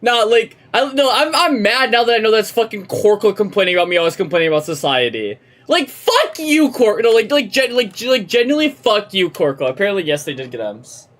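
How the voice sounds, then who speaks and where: A woman's voice: medium pitch, a little fast, few pauses. A young adult woman streaming a game, chatting and ranting with lots of swearing. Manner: ranting, profane, animated. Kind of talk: live game-stream chat.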